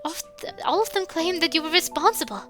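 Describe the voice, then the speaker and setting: A woman's voice: extremely high pitch, lively intonation, quick pace, faint music behind, pitched above the performer's own voice. A woman voicing a stern, disappointed mother in a visual novel, cold and reproachful. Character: stern, disappointed mother who works as a nurse.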